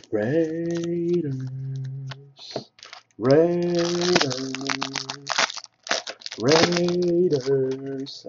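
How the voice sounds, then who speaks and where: A man hosting a live card break, calling out each card and getting excited over big pulls. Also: a little high, husky, dull audio. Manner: rattles off names, excited at big hits. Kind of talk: live card-opening commentary.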